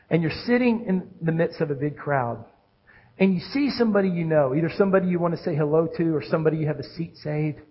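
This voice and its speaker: A man, a pastor with children, preaching a sermon with animated swings between loud calls and hushed lows. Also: slightly rough, lo-fi sound. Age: adult with children.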